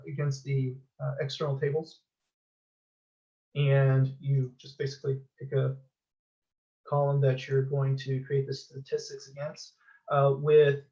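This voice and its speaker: A man presenting a technical talk at a user group meeting, talking in a halting way with many filler sounds. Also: medium pitch, a little mellow, lo-fi sound.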